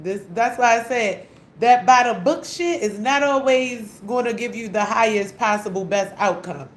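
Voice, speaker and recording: A young woman vlogger unleashes a heated, blunt rant, swearing often and repeating herself. Her voice sits a little high at a normal speed. The room is echoey, with a faint hum underneath.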